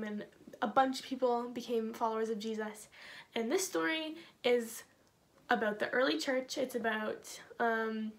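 Chatty kids' church teacher, a woman, high and bright, easygoing and filler-heavy. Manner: bubbly, chatty, lots of "like". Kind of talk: casual children's Bible lesson.

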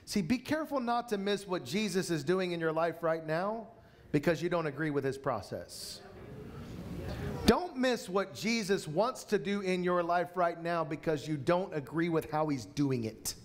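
A man, a pastor, preaching a sermon to a church congregation in an emphatic way, slowing down to repeat key lines. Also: high-pitched, animated, slight background noise.

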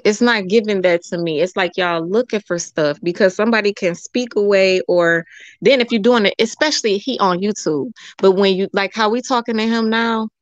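A woman hosting a call-in talk show, chatting casually, animated and rambling, laughing often. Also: medium pitch, moderate pace, no room sound, muffled recording. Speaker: show host.

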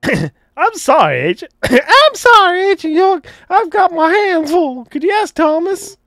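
A man putting on a high falsetto voice with an odd accent for a busy young woman in a video game. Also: sing-song, extremely slow, pushed and bright, no room sound, studio quality, exaggerated voice. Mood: flustered. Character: young woman office worker, flustered and busy.

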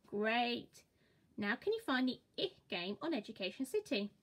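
A woman teaching a children's phonics lesson, modelling each sound slowly and cheering the listener on. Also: on the high side, expressive, a bit bright. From England. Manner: slow, encouraging, exaggerated sound-by-sound modelling.

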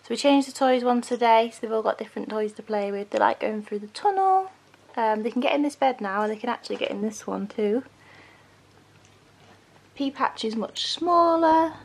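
A woman's voice: on the high side, moderate pace, a little mellow. A young woman chatting casually in a home vlog, rambling with frequent ums. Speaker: vlogger. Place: home with puppies.

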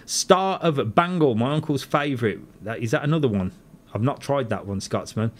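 A man's voice: medium pitch, animated, normal speed. A man, a travel channel host who chats casually on a live stream from a studio, reads viewers' comments aloud and answers them with self-mocking laughs. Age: 40s.

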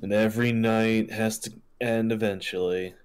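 A man with a fairly low voice talks casually on a live game stream. He explains things at length in a loose, meandering way. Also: fairly even intonation, normal speed, clear, resonant tone. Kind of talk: casual live gaming chat.

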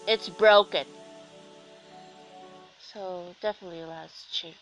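Over soft background music and poor audio, a young woman talks a little slowly in a low, steady voice. Sick and sore-throated, she commentates a video game casually, chatting away with sarcasm and self-mockery in let's-play fashion.

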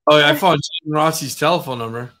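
Easygoing man with a bright voice. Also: on the high side, fast talker. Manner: self-deprecating, easygoing storyteller. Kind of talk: casual chat.

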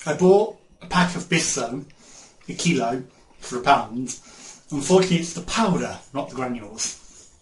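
A man's voice: medium pitch, lively intonation, moderate pace, pauses often. A man chatting casually through a haul video, rambling, laughing often and sometimes talking with his mouth full. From England. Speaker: vlogger. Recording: echoey room with faint noise.

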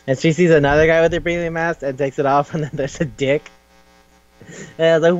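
A man co-hosting a casual podcast, retelling a manga with crude humor and quick quoted voices. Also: a little high, fairly even intonation. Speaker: podcast co-host. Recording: dull lo-fi recording with hum.

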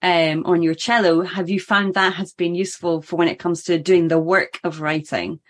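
A woman with a lowish voice hosts a podcast interview. She asks thoughtful questions and often restarts her sentences midway. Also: little pitch movement, moderate pace. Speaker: podcast host.

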